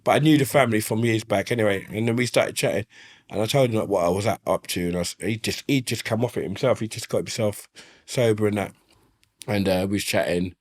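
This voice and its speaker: A man's voice: fairly low pitch, quick pace. A man, telling stories in a casual interview, swearing freely and often asking "you know what I mean". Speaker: interview guest. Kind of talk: casual storytelling. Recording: slightly faulty audio.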